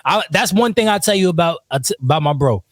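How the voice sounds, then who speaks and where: A man's voice: fairly high pitch, expressive, fast, no room sound, studio quality. A man telling rowdy stories in casual chat, laughing often and acting out what his friends said. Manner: laughing, quotes friends in retold dialogue. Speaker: podcast guest telling stories. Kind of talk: casual storytelling, profane and animated.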